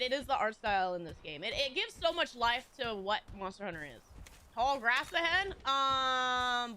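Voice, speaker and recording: A woman's voice: high-pitched, pushed and bright. A woman game streamer chatting casually with viewers, rambling with lots of restarts and little laughs.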